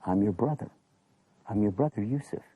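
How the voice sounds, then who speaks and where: A man voicing a calm, dignified ruler in a storybook tale, speaking quietly. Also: lowish voice, normal speed, husky, no echo, voice pushed down, low-quality recording. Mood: tender. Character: kind, dignified ruler revealing himself, calm.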